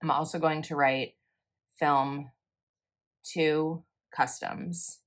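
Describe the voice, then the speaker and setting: A woman's voice: low voice, fairly even intonation, drawn-out words. A young woman, chatting casually and rambling a little as she talks through her planner. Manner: chatty, rambling, self-correcting. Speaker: planner vlogger. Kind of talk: casual voice-over while planning.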